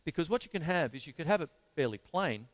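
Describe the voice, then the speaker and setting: During a live-streamed drum lesson, an Australian teacher talks casually and counts the beats as his kit plays. His voice is on the high side, animated and quick, with faint music behind him.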